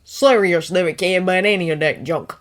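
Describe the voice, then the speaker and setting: A woman's voice: on the low side, fairly quick, lightly acted. Woman voicing a shifty old thief. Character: sly shifty middle-aged male thief.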